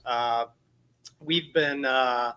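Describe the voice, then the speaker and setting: A man, a shop owner talking casually as a guest, halting and self-deprecating. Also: medium pitch, fairly even intonation, sharp tone, slight background noise. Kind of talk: casual chat.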